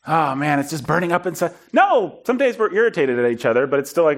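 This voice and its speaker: A man preaching in a storytelling style, animated and self-deprecating, acting out bits of dialogue. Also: a little high, quick pace. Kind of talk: storytelling sermon.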